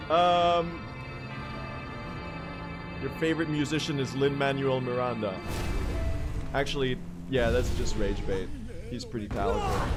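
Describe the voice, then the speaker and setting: A young man talks his way through a livestreamed speedrun in a mid-pitched, casual voice. He jokes with his chat, swears freely and breaks into excited shouting when the run gets tense. Music plays clearly behind him. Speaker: streamer. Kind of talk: casual livestream commentary while gaming.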